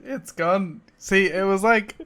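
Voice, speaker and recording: A man's voice: high voice, slow pace, bright, forceful tone. A young adult man co-hosting a podcast, chatting casually with dry jokes and hesitant fillers. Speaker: podcast co-host. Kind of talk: casual chat.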